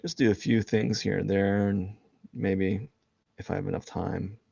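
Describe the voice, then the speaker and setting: Man, deep voice, gravelly, rambling casual chat, lots of fillers, drawing stream. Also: steady tone, a little slow, warm tone, no echo, dull audio. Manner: rambling, filler-heavy, self-mocking. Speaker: artist live-streaming a drawing session.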